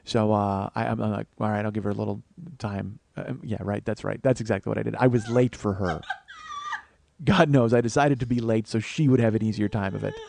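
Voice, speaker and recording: This comedian host has a lowish, slightly mellow voice with vocal fry and speaks fairly quickly. His storytelling monologue is a long tale in which he acts out everyone else's voices.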